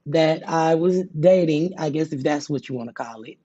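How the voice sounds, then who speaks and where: Frank woman co-host, mellow tone, dull lo-fi sound. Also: sits low, normal speed. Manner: candid, laughs often, stammers into her points. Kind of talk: casual chat. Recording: dull lo-fi audio.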